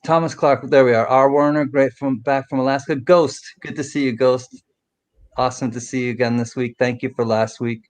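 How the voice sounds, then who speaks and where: A man's voice: mid-range voice, steady tone, fairly quick. A man co-hosting a casual livestream, reading the chat and greeting viewers by name.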